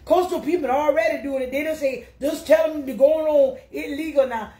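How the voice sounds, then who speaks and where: A woman's voice: brisk, reverberant, lightly acted. A performer playing a teasing older Southern woman with a Gullah Geechee accent, cackling through comedy banter. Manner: teasing, cackling, high and animated.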